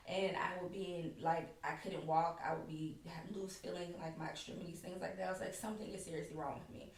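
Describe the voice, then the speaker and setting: A woman's voice: fairly low pitch, little pitch movement, brisk, gravelly. A woman speaking as a podcast guest, candidly telling her own personal story in a casual way. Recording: echoey room, far from the mic, faint background noise.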